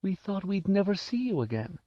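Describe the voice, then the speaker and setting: A man reading an audiobook, voicing an old grieving mother in a high, soft, tearful voice. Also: very animated, normal speed, no echo, muffled recording.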